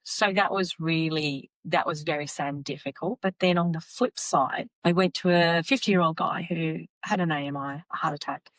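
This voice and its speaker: Woman, lowish pitch, dry close sound, animated storyteller. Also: moderate pace, few pauses, no room sound, rough recording. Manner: animated, acts out voices in her stories. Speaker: podcast guest, psychic medium. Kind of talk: casual storytelling.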